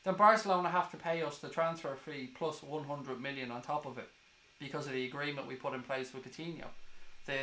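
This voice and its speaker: A man's voice: medium pitch, sharp tone, roomy sound, a little hiss or hum, low-quality recording. A man hosting a football fan live stream, chatting casually and swearing as he reads viewer comments. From Ireland.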